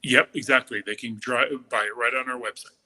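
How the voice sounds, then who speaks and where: A man's voice: mid-range voice, steady tone, fairly quick, noisy background. A middle-aged man, a makeup artist, talking as an interview guest in a casual, enthusiastic and gushing way.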